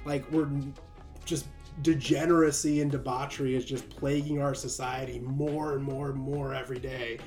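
A man's voice: mid-range voice, moderate pace, a little mellow, faint music behind. A man delivering a sarcastic opinion monologue, mocking his targets and laughing often. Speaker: commentator.

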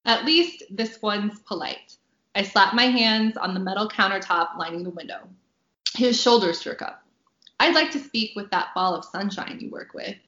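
A woman author reading a passage from her own novel aloud on a podcast, bubbly and quick to laugh between lines. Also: medium pitch, bright, forceful tone, echoey room, lo-fi sound. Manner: bubbly, laughs often, reads with dry punchy delivery.

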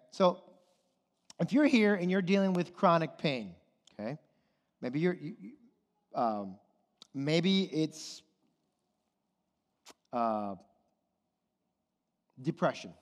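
High-voiced pastor preaching in a hall. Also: male voice, very animated, slow pace, long pauses. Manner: rhetorical questions to the congregation, frequent "okay?" and "right?". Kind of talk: sermon. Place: church hall. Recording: long hall reverb.

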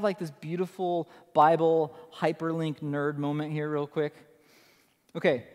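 A man's voice: sits high, a little mellow, long reverb tail. A man preaching a sermon as pastor, emphatic and conversational, repeating his key phrases for effect.

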